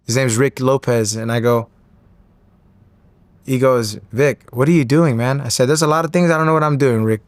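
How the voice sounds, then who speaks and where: A man's voice: moderate pace, no echo. A man in his thirties telling a story as an interview guest, acting out the other people's voices as he goes. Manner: acts out quoted voices with rising pitch. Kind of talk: animated storytelling.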